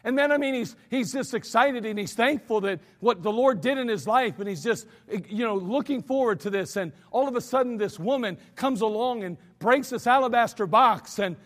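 American pastor, man; high pitch, conversational sermon with animated quotes, long church reverb. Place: church sanctuary.

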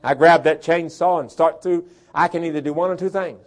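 A man preaching a sermon as pastor, dropping to quiet talk and rising to shouted preaching. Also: on the high side, steady tone, a little fast. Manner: swings from soft talk to shouted preaching, imitates a chainsaw.

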